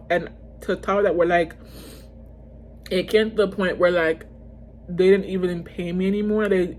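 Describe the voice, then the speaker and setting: A woman vlogger telling a personal story in a casual storytime video, animated and slangy, often calling out to her viewers and restarting her sentences. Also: fairly low pitch, slight background noise. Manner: fast bursts with frequent fillers and restarts.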